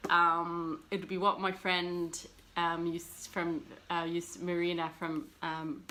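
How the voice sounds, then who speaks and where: A woman's voice: lowish voice, completely flat delivery, takes it slowly, pushed and bright, a little hiss or hum. A woman talking casually to camera about her books, rambling and self-deprecating with plenty of fillers. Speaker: book vlogger.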